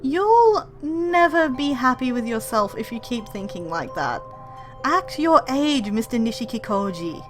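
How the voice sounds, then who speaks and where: A woman's voice: a little high, big pitch swings, measured pace, fairly bright tone, faint music behind. A woman reading the lines of an earnest, exasperated young heroine in a game.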